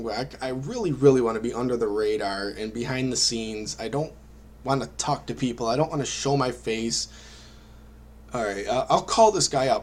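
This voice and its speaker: A man telling his own story as a vlogger, animated and self-deprecating, acting out his own reactions. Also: medium pitch. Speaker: online marketing vlogger. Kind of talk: personal storytelling to camera.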